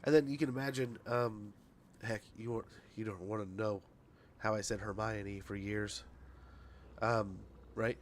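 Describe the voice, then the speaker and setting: A man's voice: lowish voice, steady tone, measured pace, slight background noise. A male streamer in casual livestream chat, reading patch notes aloud, rambling, tripping over words and laughing at himself.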